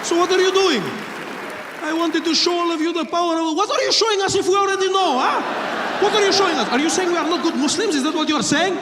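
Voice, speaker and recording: A man voicing an angry male plane passenger in a high, loud put-on voice, performed on stage. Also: little pitch movement, fairly quick, background noise. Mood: indignant. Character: shouting male plane passenger arguing hotly. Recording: echoey hall with loud crowd.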